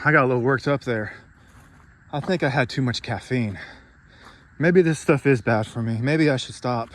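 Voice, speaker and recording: A man giving a profane, sarcastic motivational rant, worked up and swearing freely. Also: medium pitch. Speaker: vlogger.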